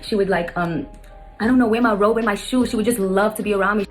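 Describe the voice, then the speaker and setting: A woman's voice: mid-range voice, fast, loud music behind the voice. A stepmother recounting a family story to her viewers, rambling and often turning to address them directly. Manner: rambling, keeps addressing viewers as you guys. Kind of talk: fast emotional storytelling to camera.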